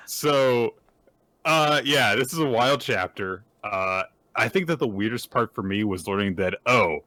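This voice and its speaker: A man's voice: on the low side, slow, pauses often, sharp tone, dry recording. A man co-hosting a podcast in casual chat, adding wry, joking asides. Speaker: podcast co-host.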